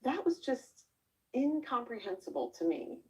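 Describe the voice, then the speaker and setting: A woman in a documentary interview recalls her time as a camper, in a reflective, halting way. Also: fairly high pitch, sing-song, mellow, recorded from a distance, dull audio.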